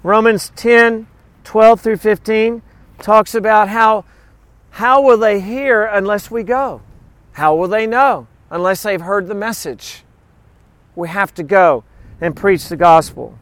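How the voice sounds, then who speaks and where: A middle-aged male pastor with a notably high voice delivers a sermon. He reads scripture aloud and drops into animated, joking asides to his listeners. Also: takes it slowly, no echo.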